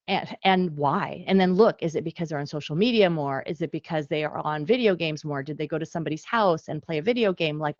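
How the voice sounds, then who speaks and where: A woman speaking as author and guest speaker in a parenting webinar, lively and acting out quick exchanges between parent and child. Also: lowish voice, no echo, lo-fi sound. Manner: animated, acts out parent and child quotes.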